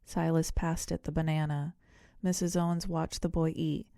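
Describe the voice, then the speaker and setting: A woman narrating an audiobook in a measured storytelling manner. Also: low voice, little pitch movement, warm tone, no room sound, studio quality. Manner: measured storytelling with voiced characters. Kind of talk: scripted narration.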